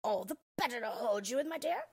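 A woman voicing a wily wolf putting on a croaky, falsely gentle old lady's voice in a storybook reading. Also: a little high, expressive, a little fast, pitched above the performer's own voice, exaggerated voice. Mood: falsely sweet.

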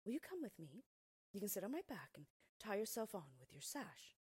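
A woman voicing a gentle, grateful swallow in a storybook, speaking tenderly and coaxingly in a husky voice. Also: mid-range voice, big pitch swings, normal speed, dry recording.

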